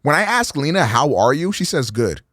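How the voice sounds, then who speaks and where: A man streaming a casual, profane reaction commentary, rambling and animated. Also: on the high side, a little fast, slight background noise. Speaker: streamer host.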